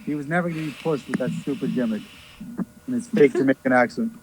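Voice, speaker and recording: A man's voice: mid-range voice, background noise. Teasing man on a podcast panel. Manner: teasing, quick to make bets. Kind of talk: casual chat.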